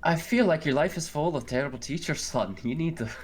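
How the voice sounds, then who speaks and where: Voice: medium pitch, fairly quick, a crowd in the background, lightly acted. A game master voicing a motherly, joking woman cook in a put-on Scottish accent, rambling with fillers. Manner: chatty, teasing, many fillers and self-corrections. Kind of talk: tabletop role-play.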